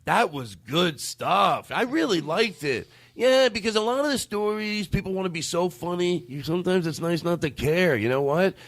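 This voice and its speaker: A man's voice: sits high, animated, moderate pace, few pauses, fairly bright tone. A man hosting a loose comedy podcast, rambling and poking fun at himself, now and then breaking into crooning. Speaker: podcast host.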